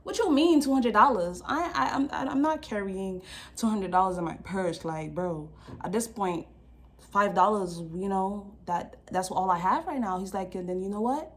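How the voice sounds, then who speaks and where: A young woman vlogger telling a story in a casual, slangy, animated way, acting out the people in it. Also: medium pitch, normal speed.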